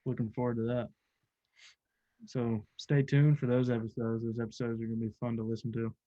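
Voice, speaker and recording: A young man hosts a relaxed podcast chat over a video call, easygoing and upbeat, often filling gaps with "uh". His voice sits at an ordinary pitch for a man. The audio is dull and lo-fi, with a dry sound and no room echo. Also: a little fast. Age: young adult. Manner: loose and upbeat, with frequent "uh" fillers. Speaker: podcast host and college angler.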